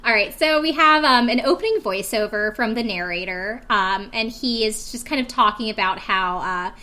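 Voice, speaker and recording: A woman's voice: on the high side, moderate pace, bright, forceful tone. A woman co-hosting a podcast, recapping a reality show in casual chat, wry and chatty with plenty of fillers. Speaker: podcast co-host.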